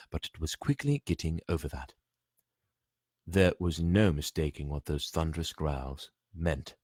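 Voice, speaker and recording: A man reading a novel aloud as a storyteller, with animated delivery and chatty asides to listeners. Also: low voice, slightly rough, no echo, studio quality.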